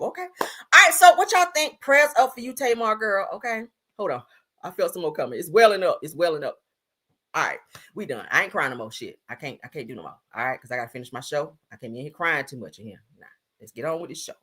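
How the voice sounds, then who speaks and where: A woman's voice: lowish voice, very animated, fast, fairly bright tone. A woman hosting a live stream, giving blunt, sassy gossip commentary and calling her viewers "honey" and "girl.".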